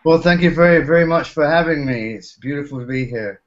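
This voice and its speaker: Cheerful English man, a bit high-pitched. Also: a little fast. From Yorkshire, England. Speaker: guest. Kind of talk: casual chat. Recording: dull lo-fi web call audio.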